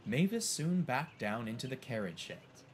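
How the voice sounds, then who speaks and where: A man giving scripted, expressive storybook narration. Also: mid-range voice, moderate pace, a little hiss or hum. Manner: expressive, animated.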